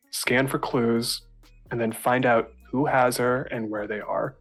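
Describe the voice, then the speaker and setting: A man narrating as game master of a tabletop game, in relaxed, chatty talk. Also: mid-range voice, measured pace. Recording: faint music behind.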